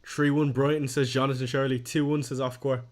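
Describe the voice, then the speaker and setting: A man's voice: medium pitch, little pitch movement, a little fast. A young man, casually chatting on a live stream, reading out viewer comments and poking fun at his own slip-ups. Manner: chatty, self-deprecating, reads chat aloud. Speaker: fantasy football streamer.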